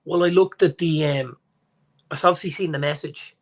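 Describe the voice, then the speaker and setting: A man in his forties with an Irish accent, co-hosting a podcast and telling stories in lively casual chat, acting out the people he quotes. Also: on the high side, moderate pace. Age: 40s. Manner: animated storyteller, acts out quotes. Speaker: podcast co-host.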